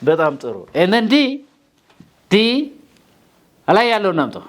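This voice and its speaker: A man's voice: high voice, big pitch swings, fast talker, pauses often. A man teaching an English grammar lesson in a classroom, quizzing his students and mixing English with Amharic.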